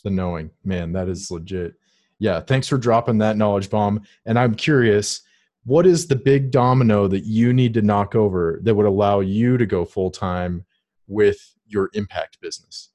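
A man's voice: on the low side, normal speed, a little mellow. A man hosting a casual interview, laid-back and affirming, asking questions between short interjections. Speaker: podcast host.

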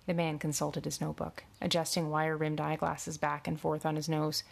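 A woman narrating a novel aloud in a measured, expressive reading. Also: sits low, vocal fry. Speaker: audiobook narrator. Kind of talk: storybook narration.

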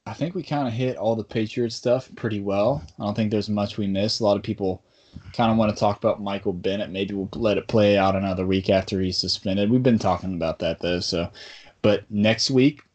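A man's voice: lowish voice, brisk, darkish tone, lo-fi sound. A man hosting a casual sports podcast, talking in a rambling, bantering way. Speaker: podcast host.

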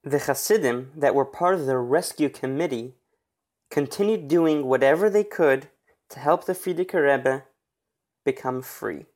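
A man narrating a religious history story in an earnest, steady retelling. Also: on the high side.

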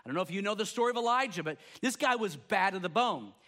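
A man with a fairly high voice delivers a sermon. He tells scripture stories in an animated way and acts out the voices of the people in them. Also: fast talker. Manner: animated storytelling, acting out quoted voices. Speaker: pastor.

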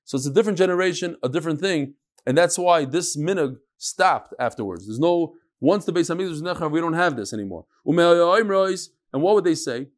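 A man's voice: on the high side, animated, a little fast, hardly any pauses. A man teaching an informal Talmud class to a live audience, a rabbi who wanders into asides and jokes and mixes Hebrew and Yiddish terms into his English. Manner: digressive and joking, mixing in Hebrew and Yiddish terms.

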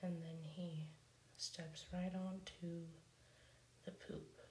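A woman softly whispering an ASMR retelling of a cartoon episode, slow and even. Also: on the low side, roomy sound, a little hiss or hum, rough recording. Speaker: ASMR storyteller.

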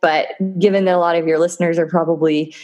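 A woman's voice: on the low side, level tone, quick pace, a little mellow, highs cut off. A woman talking as a podcast guest in a casual interview, chatty and enthusiastic, often laughing. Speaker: podcast guest, physical therapist turned entrepreneur.

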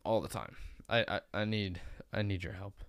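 A man's voice: lowish voice, steady tone, moderate pace, vocal fry, fairly bright tone, clean tone, dry recording. A young man hosting a podcast in casual chat, rambling with restarts and casual swearing. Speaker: podcast host.

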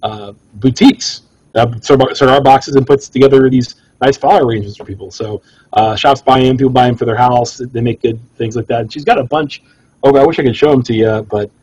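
A man co-hosting a casual cigar podcast, a jokey storyteller whose pitch leaps up when he quotes himself. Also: brisk, a little mellow, husky, dull audio. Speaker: cigar shop owner and podcast co-host.

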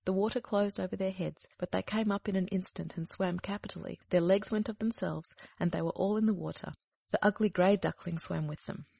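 A woman reading a fairy tale aloud in a steady, measured storytelling manner. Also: mid-range voice, vocal fry, slightly rough, no room sound. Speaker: narrator.

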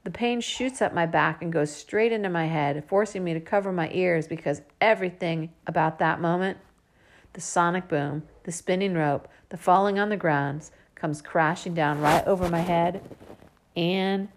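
A woman reads a storybook aloud in the first person, speaking as a young girl. Her voice sits slightly low, and her reading stays lively. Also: normal speed. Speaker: audiobook narrator.

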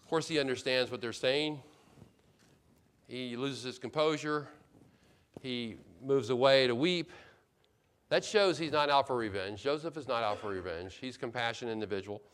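A man preaching a sermon as pastor, paraphrasing the characters of a Bible story and swinging from loud emphasis to quiet, hushed asides. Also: medium pitch, moderate pace, pauses often, clear, resonant tone.

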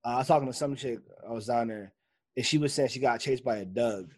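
Animated slangy man telling stories. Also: mid-range voice, fairly quick. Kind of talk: casual chat.

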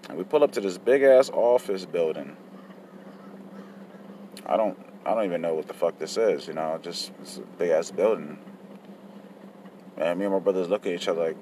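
A man's voice: low-pitched, a little fast, darkish tone, slight background noise. A man telling his childhood story in a casual, profane, reflective way. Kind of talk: personal life story.

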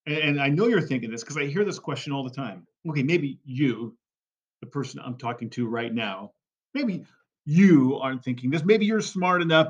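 A man's voice: mid-range voice, dull audio. A man giving a fundraising coaching talk, emphatic and repetitive, often checking in with "right?" and "okay?". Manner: emphatic, repeats key phrases, frequent "right?" and "okay?". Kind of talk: podcast monologue.

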